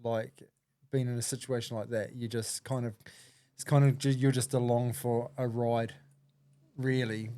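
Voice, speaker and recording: A man hosts a podcast in a casual way, asking a long question with stops and restarts. His voice is dark and mellow. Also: mid-range voice, level tone, a little slow. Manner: hesitant, searching for words. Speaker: podcast host. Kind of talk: casual interview.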